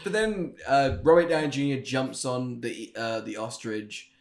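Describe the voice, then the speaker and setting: A man's voice: medium pitch, a little slow. A man co-hosting a casual film podcast, laughing often and restarting his sentences. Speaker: podcast co-host. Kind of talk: casual film-review chat.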